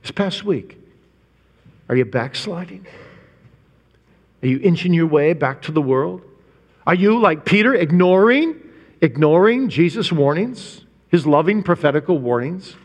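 A man preaching a sermon, emphatic, with rhetorical questions and stressed, drawn-out words. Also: on the high side, lively intonation. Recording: long hall reverb.

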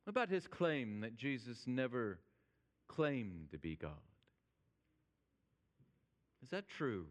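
A man preaching a sermon, speaking emphatically and slowing down when he quotes scripture. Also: mid-range voice, very animated, in a large hall. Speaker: pastor.

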